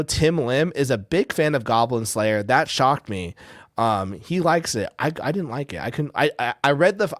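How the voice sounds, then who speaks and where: A man's voice: mid-range voice, no echo, studio quality. A man hosting a podcast, chatting casually in a rambling, profane way, often repeating words. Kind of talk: casual chat.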